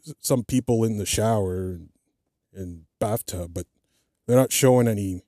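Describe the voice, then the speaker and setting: A man's voice: fairly low pitch, moderate pace, warm tone, dry recording, clean studio sound. A man hosting a podcast alone, talking casually and rambling with many fillers and restarts. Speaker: podcast host. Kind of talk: casual solo podcast chat.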